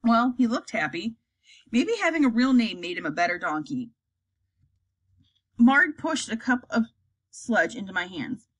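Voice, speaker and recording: Female storybook reader, animated and slightly husky, does the character voices herself. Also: a little high, unhurried, pauses often, poor audio. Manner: acts out characters, lively delivery. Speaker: audiobook reader.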